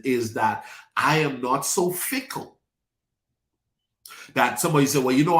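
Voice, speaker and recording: A man's voice: medium pitch, echoey room. A male pastor, preaching a sermon and calling out to congregation members by name. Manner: preachy call-and-response, addresses congregation by name. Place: church sanctuary.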